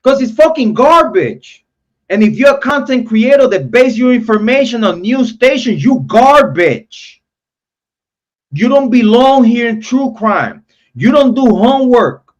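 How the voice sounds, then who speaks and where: A man's voice: very high voice, expressive, measured pace. A young man hosting a true crime live stream, ranting in a heated, profane, repetitive way. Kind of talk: angry live-stream rant.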